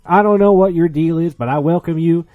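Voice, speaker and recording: A man's voice: a little high, a little fast, no room sound, narrow, tinny audio, lightly acted. A man putting on a boastful Southern cowboy drawl as a rowdy rodeo host. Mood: boisterous. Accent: put-on Southern cowboy drawl. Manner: whooping, boastful showman.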